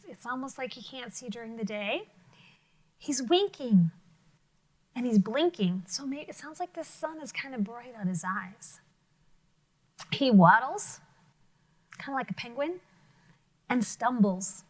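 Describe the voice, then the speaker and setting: Slow, high-voiced woman teacher reading aloud. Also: low-quality recording. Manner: expressive, asks children questions, drops to whispers. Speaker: elementary school teacher. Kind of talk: picture book read-aloud lesson for children.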